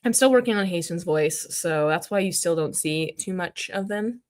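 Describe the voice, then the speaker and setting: A woman's voice: fairly low pitch, normal speed, a little mellow. Chatty woman hosting a puppet livestream. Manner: chatty, reads chat aloud, mutters while clicking around. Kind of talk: casual livestream chat.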